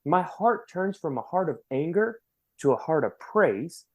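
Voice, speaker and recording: A man who is a podcast guest, telling his personal testimony in an earnest, animated way and often repeating words as he goes. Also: a little high, measured pace.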